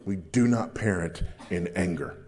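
A man preaching a sermon as pastor, with a big deep voice and an emphatic way of repeating phrases. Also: measured pace, a little mellow.

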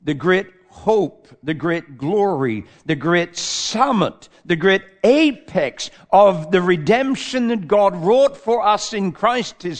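Emphatic slow-preaching man. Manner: emphatic, swelling on key words then dropping low. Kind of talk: sermon.

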